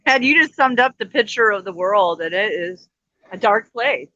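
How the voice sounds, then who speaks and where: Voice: mid-range voice, lively intonation, normal speed, sharp tone, no room sound. A channel host in casual chat, laid-back and profane, chiming in agreeably. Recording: dull, dry lo-fi sound.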